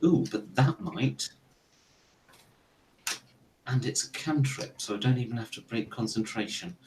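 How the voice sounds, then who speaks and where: A man's voice: mid-range voice, expressive, unhurried, darkish tone. A man playing a tabletop role-playing game, thinking aloud and hesitating as he declares actions. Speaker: player. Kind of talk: casual tabletop play. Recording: distant from mic, faint noise.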